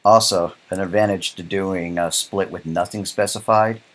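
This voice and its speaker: A man with a low voice teaches a programming lecture while coding live, speaking at normal speed with fairly even intonation. He thinks aloud casually and keeps checking in with "right?".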